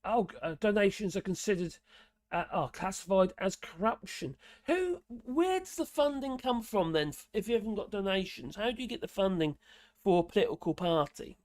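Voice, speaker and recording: A man with a Norfolk accent and a hoarse, gravelly voice, chatting casually on a live stream and reading out viewer comments in a rambling, muttering way. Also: high voice, animated, moderate pace, no echo, clean studio sound. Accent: Norfolk English. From Norfolk, England. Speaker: livestream host reading chat.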